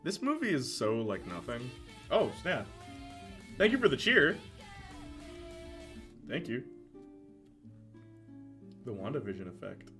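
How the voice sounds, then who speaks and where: A young man streaming casual commentary, animated, laughing often and answering chat. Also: mid-range voice, slow, long pauses, faint music behind.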